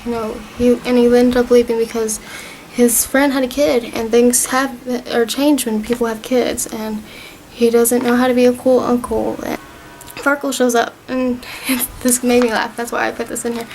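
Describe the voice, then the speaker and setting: A woman's voice: a little high, level tone, normal speed, a little mellow, a little hiss or hum, poor audio. A young woman vlogger casually recapping a TV season, rambling and gushing as she retells scenes.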